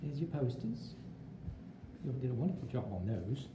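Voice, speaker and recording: A man's voice: mid-range voice, very animated, normal speed, noisy background. A male teacher from Texas, putting on an Australian accent, gives a playful walking tour of his school with jokey asides. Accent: put-on Australian accent. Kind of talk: walking video tour narration. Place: empty school hallways and rooms, indoors. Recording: echoey hallways, faint ambience.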